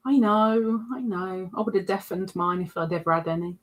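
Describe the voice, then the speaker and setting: A woman's voice: on the low side, normal speed. A woman hosting a livestream, chatting casually and reading out viewer comments in a rambling way. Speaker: livestream host.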